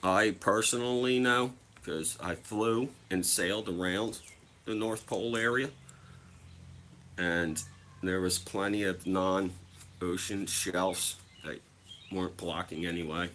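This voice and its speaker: A man's voice: sits low, steady tone, slow pace, fairly bright tone, a little hiss or hum. A young man telling stories casually to his viewers, swearing freely and acting out other people's voices. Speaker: livestreamer.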